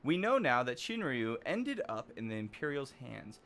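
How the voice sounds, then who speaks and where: A man voicing a rough-talking male airship engineer in a hammed-up, broad, working-class put-on accent, reading game dialogue aloud. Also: medium pitch, very animated, normal speed, fairly bright tone, slight background noise. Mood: hammy.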